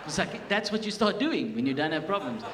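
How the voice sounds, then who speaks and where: Self-mocking South African stand-up comedian. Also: male voice, on the high side, fairly quick, noisy background. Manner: self-mocking, chatty, animated. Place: theatre stage. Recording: echoey live theatre with crowd. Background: audience laughter.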